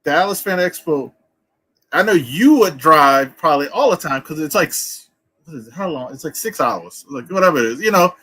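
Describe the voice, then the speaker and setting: This man talks in a loose, rambling way on a livestream and laughs easily. His voice is bright and forward and sits slightly high. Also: animated, moderate pace, husky, low-quality recording. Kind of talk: casual chat.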